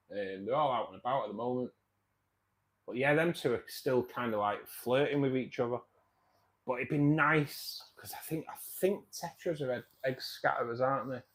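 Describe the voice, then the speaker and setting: A man hosting a casual livestream, chatting with viewers in a rambling way, repeating himself and calling people mate. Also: mid-range voice. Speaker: livestream host.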